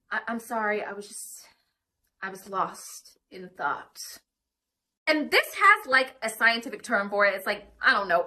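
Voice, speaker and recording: A woman's voice: medium pitch, bright, forceful tone. A woman talking to camera in a casual explainer monologue, rambling and emphatic. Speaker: social media video creator.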